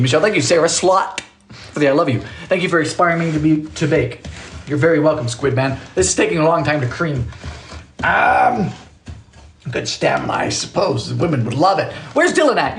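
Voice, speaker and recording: A man hosting a live baking stream from his small home kitchen, chatting casually, joking and thanking viewers by name. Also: a little high. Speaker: baking livestream host.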